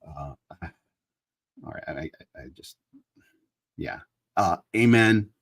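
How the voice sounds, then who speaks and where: A man's voice: sits low, animated, slow. A man in his fifties hosting a casual live chat, talking earnestly and building into emphatic preaching. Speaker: online show host.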